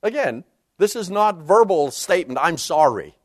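Animated man teaching scripture, lively pitch. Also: dry recording, studio quality. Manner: animated, emphatic, with sudden drops to low quiet stress; reads scripture aloud quickly. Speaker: Bible teacher. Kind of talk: expository Bible lecture.

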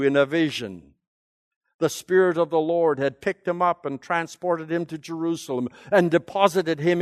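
A man's voice: high voice, clean tone, no room sound, clean studio sound. A man teaching a Bible lecture, emphatic and fond of rhetorical questions.

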